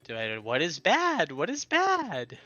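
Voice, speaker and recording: A man's voice: fairly high pitch, wildly swooping pitch, takes it slowly, bright, forceful tone, no room sound, voice pushed up, exaggerated voice. A man voicing a giggly, mischievous female fairy who poses riddles in a gleeful singsong. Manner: gleeful, repeats her words in a singsong. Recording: dull lo-fi audio, faint music.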